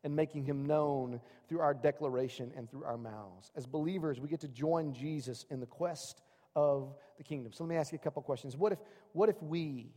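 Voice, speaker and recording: A male pastor delivers a sermon in a church hall, his voice sitting a little high for a man. He swings from loud, excited calls to the congregation down to hushed, intimate asides. A long reverb trails each phrase. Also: fairly quick. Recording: long reverb of a large room.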